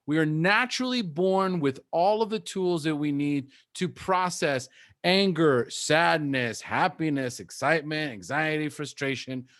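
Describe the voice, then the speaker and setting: A man coaching a recovery group, talking gently and softly demonstrating soothing self-talk. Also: on the high side, measured pace.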